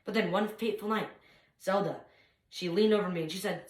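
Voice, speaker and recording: Young female speech competitor, animated comic storyteller, middle voice, roomy echo. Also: mid-range voice, brisk, pauses often. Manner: animated, swings from loud to hushed. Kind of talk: comic monologue performance.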